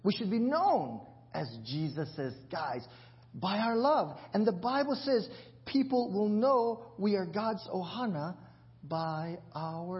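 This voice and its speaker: A man's voice: high-pitched, lo-fi sound. A male pastor giving a conversational sermon, asking the congregation questions and joking about himself. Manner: jokes and laughs at himself. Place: church.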